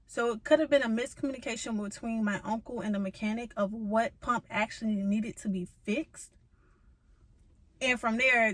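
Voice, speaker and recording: A woman's voice: on the high side, fairly bright tone, no room sound, poor audio. A young woman telling a car-trouble story in a vlog, venting with profanity and emphatic rhetorical asides. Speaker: vlogger.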